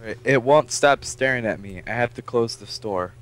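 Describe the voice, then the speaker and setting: A young man playing a game with a friend in casual chat, excitable and prone to sudden yells. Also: mid-range voice, normal speed. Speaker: co-player. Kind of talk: casual let's-play chat.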